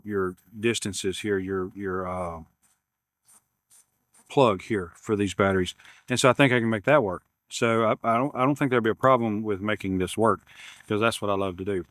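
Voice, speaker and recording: A YouTube maker unboxes camera gear at his workshop bench, rambling casually, repeating words, and making self-deprecating jokes. His voice is lowish, recorded at studio quality with no room sound.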